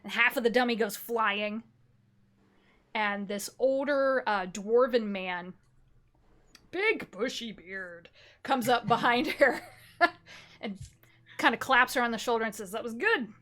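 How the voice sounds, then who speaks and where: A woman narrating a tabletop game as game master, telling scenes slowly with descriptive detail and fillers. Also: a little high, fairly bright tone. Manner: slow, descriptive storytelling with fillers.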